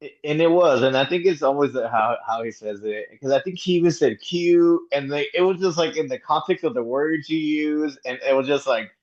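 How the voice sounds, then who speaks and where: A man co-hosting a casual podcast chat, talking in slang and often stopping to restart his sentences. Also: on the high side. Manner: halting, many restarts, slangy. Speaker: podcast co-host. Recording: dull lo-fi sound.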